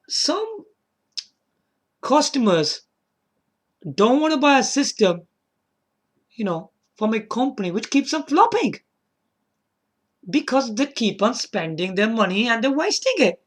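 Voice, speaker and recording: Bright and forceful, the man's high-sitting voice carries a casual solo gaming video. He rambles, says words twice, asks after the viewer, chuckles to himself, and apologizes.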